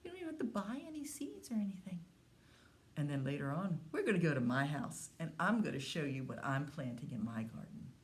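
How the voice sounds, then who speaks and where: A woman who is a children's librarian, telling a story to young children at story time in a slow, sing-song way. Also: low-pitched, very animated.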